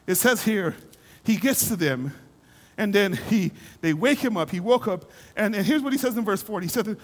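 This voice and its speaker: A male pastor preaching a sermon in a church, his delivery rising into fervent shouting. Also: high voice, animated, normal speed, big-room sound.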